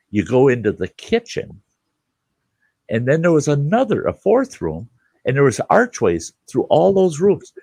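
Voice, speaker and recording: An older man hosts a casual chat in a medium-pitched, creaky, husky voice with no echo. He's an animated, profane podcast host who laughs his way through the stories he tells, cursing freely.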